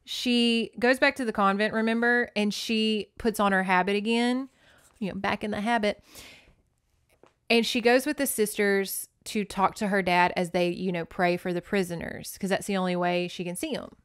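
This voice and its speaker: A woman hosting a podcast, recapping a novel in a sarcastic, chatty, animated way. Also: mid-range voice, normal speed, clear, resonant tone, no room sound, studio quality. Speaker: podcast host. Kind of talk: casual book recap.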